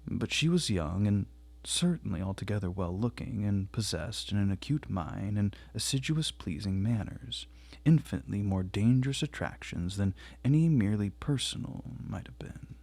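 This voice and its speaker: Man, audiobook reader, low voice, gravelly, husky, measured and quiet reading. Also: expressive, no room sound. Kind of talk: reading a classic novel aloud.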